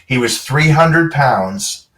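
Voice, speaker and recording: A middle-aged man with a plain mid-range voice tells stories in a casual interview. He talks in an animated way and acts out quick snatches of dialogue. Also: mid-range voice, recorded from a distance, poor audio. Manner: animated storyteller, quotes people in short dialogue. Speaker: guest, former pro football player.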